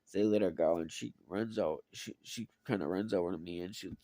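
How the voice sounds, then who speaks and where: A man telling a personal story in a casual, profane, animated way, full of fillers. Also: low voice, brisk, dry recording. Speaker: vlogger.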